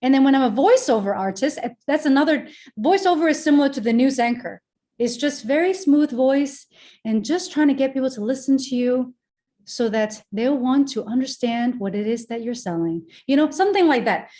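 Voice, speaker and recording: A woman in her thirties, a presenter and speaking coach, talking in an animated, projecting way on a remote call interview, explaining with examples. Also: high-pitched, normal speed. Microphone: remote call mic.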